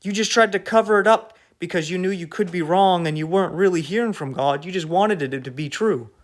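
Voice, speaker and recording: A man's voice: sits high, a little fast. A man preaching an online sermon in an emphatic, rebuking way, full of rhetorical questions.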